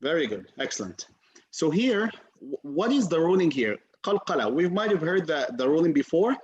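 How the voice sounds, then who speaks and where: A male teacher giving an online class, patiently repeating sounds slowly for his students to copy. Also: on the high side, sing-song, husky. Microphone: video call. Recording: dull lo-fi video call audio.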